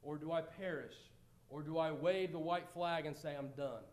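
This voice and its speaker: A middle-aged American man preaching a sermon, earnest, moving between loud pleading and quiet reflection. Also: a little high, steady tone, moderate pace.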